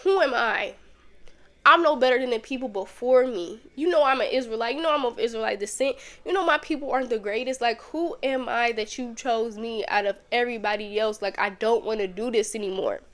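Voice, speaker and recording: A woman's voice: a little high, a little fast, fairly bright tone, close to an everyday voice. A woman voicing a weary male prophet who begs God to end his struggle. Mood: despairing. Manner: pleading, exhausted.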